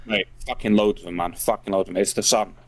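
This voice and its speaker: Brief: guy, low voice, quick and sweary, exasperated casual talk. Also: steady tone, vocal fry. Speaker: podcast co-host. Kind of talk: casual chat.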